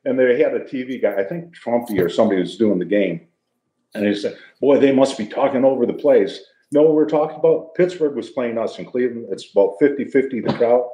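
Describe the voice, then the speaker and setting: A man's voice: mid-range voice, brisk, warm tone, reverberant, poor audio. An older man telling funny stories from his playing days in a casual, laughing way. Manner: jokey, laughing storyteller. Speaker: guest, retired football player. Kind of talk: casual storytelling.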